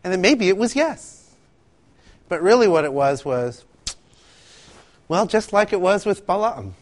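A man preaching a sermon, telling stories with animated asides and acting out quotes. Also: high-pitched, unhurried, pauses often. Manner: animated storytelling, acts out quotes, laughs often. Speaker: pastor.

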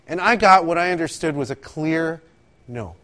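A man preaching a sermon, telling stories with animated asides and acting out quotes. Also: fairly high pitch, moderate pace. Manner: animated storytelling, acts out quotes, laughs often. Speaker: pastor.

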